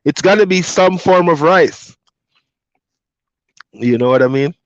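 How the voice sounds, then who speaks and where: Jamaican man, Patois native, high-pitched, relaxed livestream chatter answering comments; dry, muffled audio. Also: a little slow, no room sound. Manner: reads viewer comments aloud and chats back, easygoing, laughs often. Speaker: truck driver streamer. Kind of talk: casual livestream chat. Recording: dull lo-fi dry sound.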